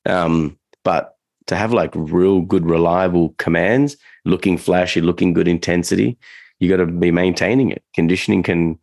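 Deep gravelly man chatting on a podcast. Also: fairly even intonation, normal speed, darkish tone, no echo. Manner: rambling, loose delivery with many fillers and restarts. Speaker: podcast co-host and dog trainer. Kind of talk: casual podcast chat.

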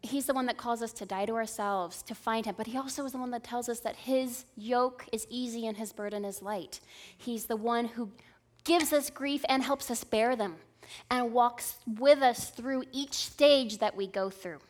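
A woman in her thirties delivers a sermon with a slightly high voice. She preaches in an earnest, conversational way and keeps checking in with the listeners. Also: normal speed. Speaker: speaker at a church service.

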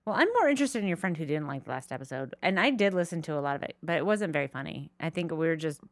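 A woman in her forties from Southern California co-hosting a podcast, chatty and quick to laugh. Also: low-pitched, expressive, no room sound, clean studio sound. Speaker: podcast co-host. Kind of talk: casual chat.

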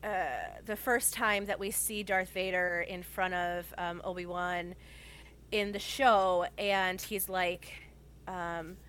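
A woman's voice: lowish voice, fairly even intonation, slow pace, fairly bright tone, clean tone. A woman in casual conversation, talking enthusiastically and rambling with lots of fillers. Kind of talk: casual chat.

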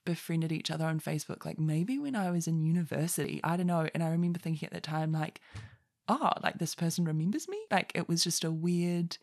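A woman's voice: deep voice, fast, few pauses, a little mellow. A young woman hosting a podcast in a casual solo monologue, rambling and chatty, often breaking off mid-sentence and laughing at herself. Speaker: podcast host.

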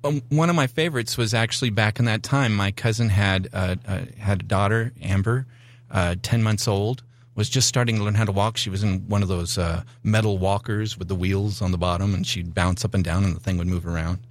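A middle-aged man telling a personal testimony on a talk show, animated and acting out the voices in his story. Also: on the low side, a little fast. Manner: animated storyteller, acts out dialogue. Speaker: guest. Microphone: studio mic.

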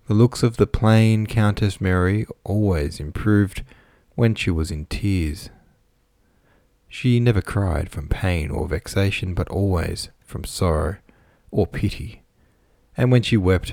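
Deep-voiced male audiobook narrator, measured reading, dry recording. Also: creaky, a little mellow, no room sound. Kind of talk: scripted narration of a classic novel.

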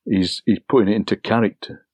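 An older poet and broadcaster, interviewed in a relaxed conversation, tells anecdotes quickly in a husky, low, slightly mellow voice. He's chatty and acts out lines he's overheard, and the recording has no echo.

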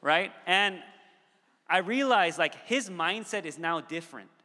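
Pastor, male, thirties; forceful, bright tone, casual sermon delivery with "okay" asides. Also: sits high, expressive, moderate pace. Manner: conversational, with frequent "okay" asides. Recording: long hall reverb.

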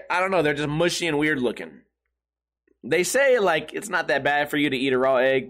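A man's voice: mid-range voice, fairly bright tone. A young man telling rambling, profane stories in a casual solo talk show. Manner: profane, rambling, self-mocking. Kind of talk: casual crude storytelling monologue.

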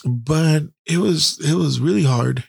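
Gravelly, profane middle-aged man. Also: a little high, takes it slowly, no room sound, clean studio sound. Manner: blunt and heavily profane. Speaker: podcast host. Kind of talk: candid personal storytelling.

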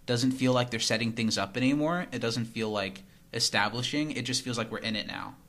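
A man's voice: medium pitch, a little fast, fairly bright tone. A man co-hosting a podcast, chatting casually about a TV episode in a teasing, analytical way. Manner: teasing, analytical, chuckles often. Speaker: podcast co-host. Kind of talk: casual chat recapping a TV episode.

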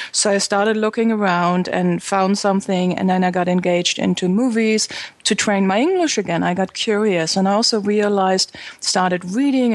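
A woman's voice: medium pitch, dry recording. Talkative German woman in her forties. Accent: German, with an American lilt. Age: 40s. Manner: talkative, candid, often repeats words as she restarts. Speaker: guest, tech and marketing consultant. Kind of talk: remote interview. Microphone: remote call.

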